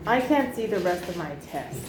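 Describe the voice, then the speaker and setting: A woman's voice: lowish voice, big pitch swings, moderate pace, noisy background. A woman teacher reading an exam passage to her class, with jokey asides and explanations. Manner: chatty, jokey asides while reading aloud. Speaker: English teacher. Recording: echoey room.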